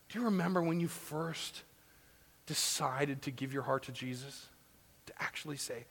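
A man preaching a sermon as pastor, swinging between loud emphasis and hushed near-whispers, sometimes acting out complaining voices. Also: mid-range voice, normal speed, creaky, in a large hall.

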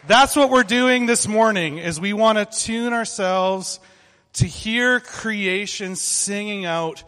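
Bright-voiced upbeat man leading kids. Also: high voice, slow, big-room sound. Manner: upbeat, conversational, leads group call-and-response. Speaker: children's ministry leader. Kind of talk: interactive object lesson for kids.

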